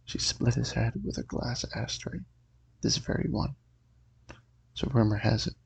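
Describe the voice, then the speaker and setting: A man's voice: mid-range voice, a little slow, creaky, a little hiss or hum, rough recording. A man reading the lines of a snide, gossiping elderly aunt from a horror comic. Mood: gossipy. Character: snide old great-aunt, gossiping over tea.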